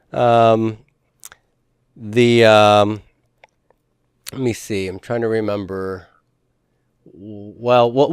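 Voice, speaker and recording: Guy teaching a class, smooth clear voice, keeps asking right? okay?, dry sound. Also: medium pitch, dry recording. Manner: explains step by step, often checks understanding with "right?" and "okay?"; playful with jokes and puns. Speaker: Greek teacher. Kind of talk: classroom lecture. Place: classroom with students.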